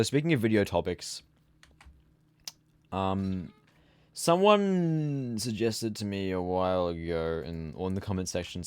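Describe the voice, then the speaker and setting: A man's voice: low voice, darkish tone, clear, resonant tone, no echo. A sleepy young man streaming a game, chatting casually and rambling as he trails off into mumbles. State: sleepy, yawning. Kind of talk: casual gameplay chat.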